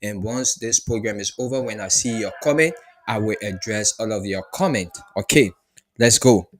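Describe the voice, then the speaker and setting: A man teaching beginner French, who says each phrase slowly and repeats it before explaining it. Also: lowish voice, slight background noise. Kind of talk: beginner language lesson.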